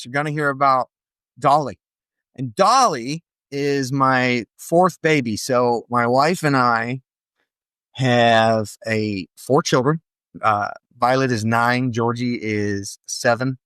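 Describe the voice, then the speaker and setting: A middle-aged man, a podcast guest, telling an emotional personal story in an earnest, animated way. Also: medium pitch, clear, resonant tone, no room sound, clean studio sound. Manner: earnest, animated, acts out quoted voices.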